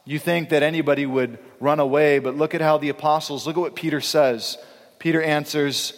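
A man's voice: on the high side, fairly even intonation, fairly quick, in a large hall. A man pastor preaching a sermon in a conversational, emphatic way, acting out quoted speakers.

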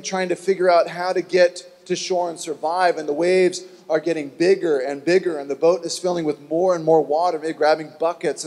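A man preaching a sermon, telling a Bible story in an animated way and acting out the voices of its people. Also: on the high side, big-room sound. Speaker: pastor.

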